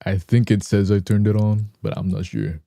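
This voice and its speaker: A young man chatting casually with viewers on a live stream, clearing a morning voice from his throat. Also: on the low side, steady tone, moderate pace, warm tone, no room sound. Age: young adult.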